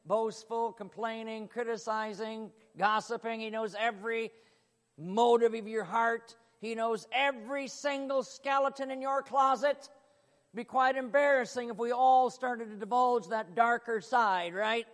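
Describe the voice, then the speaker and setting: A man's voice: extremely high pitch, steady tone, unhurried, a bit bright, in a large hall. A man preaching a sermon in an emphatic, dramatic way.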